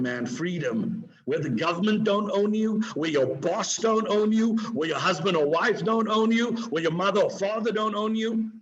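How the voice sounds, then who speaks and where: A man giving an energetic, preachy motivational talk to a live online audience, swinging his pitch and pace for emphasis. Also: lo-fi sound, slight background noise. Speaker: motivational speaker. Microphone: video call.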